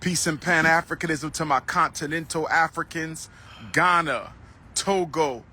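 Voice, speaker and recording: A man livestreaming outdoors into a phone, loud and declaiming, repeating his phrases. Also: fairly high pitch, steady tone, measured pace, slightly rough. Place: outdoors on a street.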